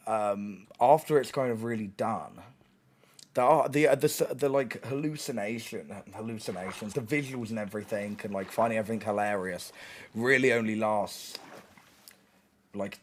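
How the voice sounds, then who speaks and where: A young man streaming, casually telling a story with lots of swearing, laughter and restarts. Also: mid-range voice. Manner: animated, sweary, laughing often, many restarts.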